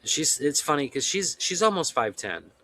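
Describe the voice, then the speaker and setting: A man's voice: fairly high pitch, very animated, normal speed, bright, forceful tone, poor audio. A young man, an author being interviewed, chatting easily and laughing often. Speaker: author guest. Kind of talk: casual interview chat.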